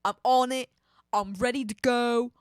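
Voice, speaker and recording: A woman's voice: a little high, fairly even intonation, measured pace, smooth, dry recording, natural voice. A woman voicing a blunt, streetwise woman astronaut in a put-on Cockney accent. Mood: boastful.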